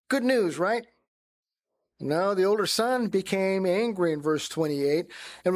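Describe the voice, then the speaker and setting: Male Bible teacher, high voice, conversational sermon style. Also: moderate pace. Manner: conversational, acts out quoted voices.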